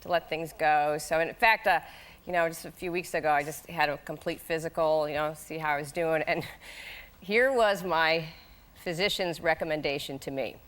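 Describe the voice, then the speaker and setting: A woman in her forties, a talk show guest, telling animated anecdotes, laughing often and jumping into high voices when she quotes people. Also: normal speed.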